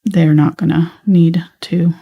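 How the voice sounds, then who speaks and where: A woman with a light Southern US accent, teaching a live painting tutorial in a relaxed, chatty way while she paints. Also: lowish voice, measured pace, creaky, husky, highs cut off. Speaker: painting instructor.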